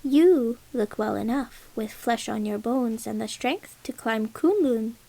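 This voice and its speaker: Lady doing bratty fire birds from a storybook, singsongy and mocking, kinda gravelly. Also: fairly high pitch, a little slow, warm tone, poor audio. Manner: sing-song, taunting. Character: haughty fiery sun birds, childlike and mocking.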